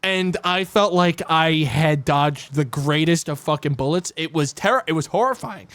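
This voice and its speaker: A man chatting on his stream, telling a story in an animated, swearing rush. His voice sits a little high, and the sound is dry and close. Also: normal speed, no room sound. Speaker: streamer host. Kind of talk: casual chat on stream.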